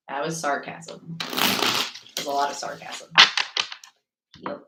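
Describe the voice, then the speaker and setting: A woman's voice: low-pitched, level tone, slow, pauses often, very noisy. A young woman from New Jersey hosting a live tarot reading in a chatty, blunt, sarcastic way, swearing freely. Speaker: tarot reader, channel host. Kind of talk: live-streamed tarot reading, casual chat. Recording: echoey room.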